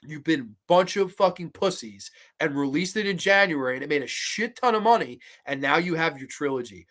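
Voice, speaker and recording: A man's voice: high voice, fairly bright tone. A man hosting a horror movie show, ranting heatedly and profanely in a casual livestream and breaking into laughter as he reads viewer comments.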